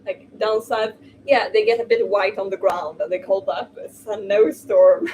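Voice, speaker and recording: A woman's voice: medium pitch, steady tone, a little slow, a little mellow. A young woman, chatting casually and exclaiming while she cooks. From Sweden. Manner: chatty, exclamatory, laughs easily. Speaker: streamer. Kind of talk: casual chat while cooking. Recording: distant mic with noisy background.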